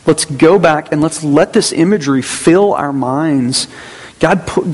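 A man preaching a Sunday sermon as pastor in a church, in a conversational way with asides and restarts. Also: on the high side. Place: church sanctuary. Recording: long hall reverb.

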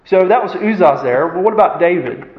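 A man preaching a sermon. He poses rhetorical questions and often clears his throat. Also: sits high, expressive, fast. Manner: earnest, asks the congregation rhetorical questions; frequent fillers and throat clearing. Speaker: pastor. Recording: echoey hall, dull sound.

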